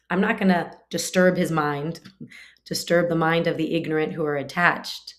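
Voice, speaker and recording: A woman's voice: sits low, fairly even intonation, normal speed. A woman giving a casual scripture class, talking conversationally with frequent fillers and explaining through everyday family examples. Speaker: spiritual teacher.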